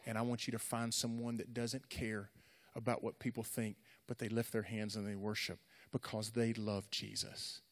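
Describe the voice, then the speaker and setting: A man's voice: on the low side, level tone, moderate pace, hardly any pauses. A middle-aged man preaching to young people in an earnest, repetitive, conversational way. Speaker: youth pastor. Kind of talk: sermon. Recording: echoey hall.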